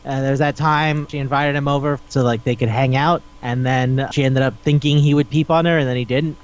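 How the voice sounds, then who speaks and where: A man's voice: mid-range voice, steady tone, fairly quick, clean tone, dull audio. A man co-hosting a podcast in casual chat, rambling animatedly and swearing freely. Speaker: podcast co-host.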